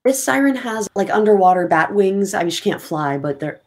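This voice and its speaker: A woman's voice: medium pitch, animated, a little fast. A woman narrating as game master in a casual tabletop game, with loose asides.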